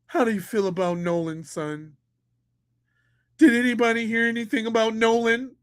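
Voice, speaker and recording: A man mimicking a concerned middle-aged father in a slow, soft, folksy voice. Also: extremely high pitch, fairly even intonation, clean tone, no echo, clean studio sound. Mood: mock concern.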